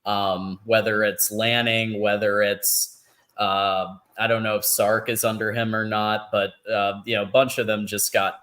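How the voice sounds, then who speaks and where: A man chatting about college football, halting and filler-heavy. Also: fairly low pitch, flat delivery, fairly bright tone. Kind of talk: casual sports talk.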